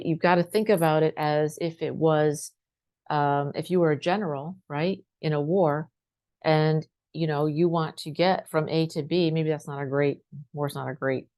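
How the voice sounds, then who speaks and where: Woman, low voice, life coach, motivational talk, conversational, asks questions. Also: a little mellow. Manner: acts out clients' complaints. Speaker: life coach and spiritual teacher. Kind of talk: direct-to-camera motivational talk.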